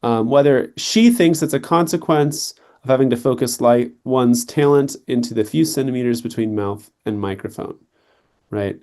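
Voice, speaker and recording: Young guy tutor going over test answers, chatty, keeps asking right? okay?, mid-pitched voice. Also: moderate pace, darkish tone. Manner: conversational, checks in with "right?" and "okay". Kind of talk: explaining reading test answers.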